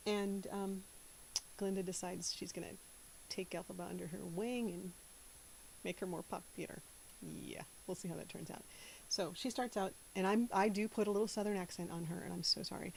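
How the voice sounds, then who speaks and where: A woman's voice: on the low side, gravelly, a little mellow, a little hiss or hum, rough recording. A woman from the American South chatting casually to camera, giggling often. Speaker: channel host.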